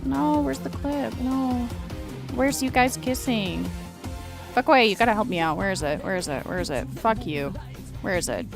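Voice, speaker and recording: A woman streamer giving loud, profane, rambling reaction commentary on a live stream. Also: fairly high pitch, normal speed, gravelly, over music.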